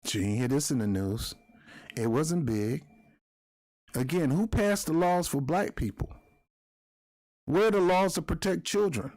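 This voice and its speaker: A man's voice: on the high side, lively intonation, unhurried, long pauses, darkish tone. A man hosting his own commentary video, talking in an emotional, fired-up rant.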